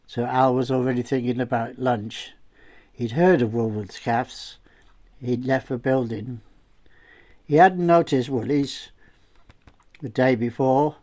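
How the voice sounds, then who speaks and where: A man narrating a story aloud in a steady, unhurried, plain way. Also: medium pitch.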